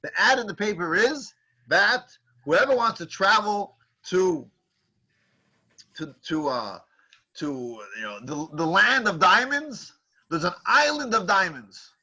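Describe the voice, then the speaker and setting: High, bright, husky storytelling man. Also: slow pace. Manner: animated storyteller with many restarts. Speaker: teacher. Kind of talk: storytelling lecture.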